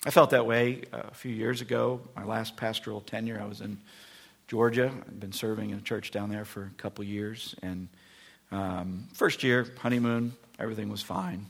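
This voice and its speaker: A male pastor delivers a sermon in a lively storytelling way, slipping into the voices of the people he describes. His voice is gravelly and a little husky. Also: fairly low pitch, moderate pace. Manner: animated storytelling, acting out voices.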